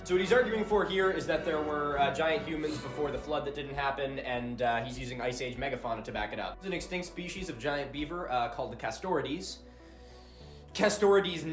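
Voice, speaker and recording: A man's voice: mid-range voice, echoey room. A man narrating a commentary video with dry, sarcastic quips.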